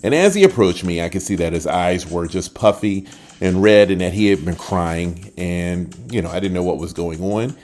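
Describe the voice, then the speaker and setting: An older man hosting a short podcast, telling a personal story in a casual, lively way and acting out the people he quotes. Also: low-pitched, moderate pace. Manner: animated, acts out quoted voices, trails off at the end. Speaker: podcast host.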